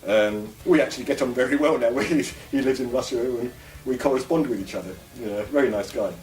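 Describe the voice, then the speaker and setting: An English male vlogger with a mid-range, slightly fast and somewhat mellow voice rambles to camera, musing and sharing opinions in a casual monologue. The recording sounds roomy and echoey, with his voice coming from a distance.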